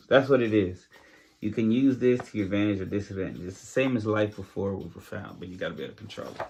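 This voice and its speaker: Low-voiced, rambling man hosting a podcast. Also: slight background noise. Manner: rambling, loose, with many fillers and restarts. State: jittery from coffee. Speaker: podcast host. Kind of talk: casual solo podcast chat.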